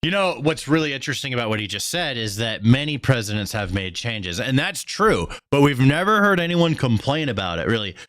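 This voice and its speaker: A young man riffing on a live stream, excitable and slangy, swearing freely as he reacts. His pitch swings around a lot. The sound is dry and close. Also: a little fast, hardly any pauses, no echo. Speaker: streamer host. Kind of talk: casual political commentary stream.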